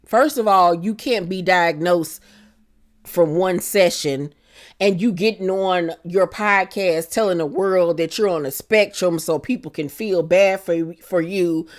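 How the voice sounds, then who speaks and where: A woman's voice: fairly low pitch, lively intonation, measured pace. A woman hosting a reality TV recap in a sassy, dramatic gossip style, acting out what the cast said. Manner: sassy, dramatic, acts out quoted lines.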